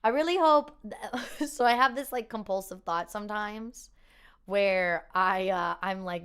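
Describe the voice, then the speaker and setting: A woman's voice: a little high, expressive, moderate pace, a bit bright, clean tone. A woman chatting on a live stream, laughing often and reading out viewer comments. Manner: reads viewer comments aloud. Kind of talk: casual live-stream chat.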